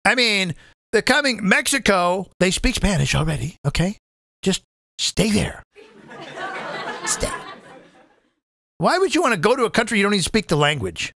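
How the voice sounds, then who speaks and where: A male comedian hosting a live show, ranting about politics in a profane, animated way and calling viewers "folks.". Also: high voice, normal speed, creaky, pauses often, some chatter behind. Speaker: comedian host.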